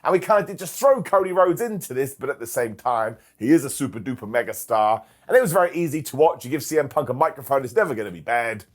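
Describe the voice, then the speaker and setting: Animated man, jokey wrestling recap. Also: mid-range voice. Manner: animated, jokey, mimics people in quick silly voices. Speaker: wrestling show reviewer. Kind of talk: casual comedic recap.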